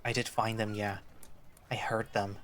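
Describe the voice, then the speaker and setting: A man reading a visual novel aloud in a measured first-person narration, voicing the lead's dialogue. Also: lowish voice, little pitch movement, fairly bright tone, slight background noise.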